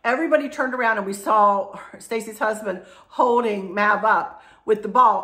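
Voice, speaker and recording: A woman's voice: fairly high pitch, brisk, hardly any pauses, a bit bright. A middle-aged woman chatting casually to her viewers, emotional and rambling, with frequent restarts. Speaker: vlogger. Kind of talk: casual chat to camera.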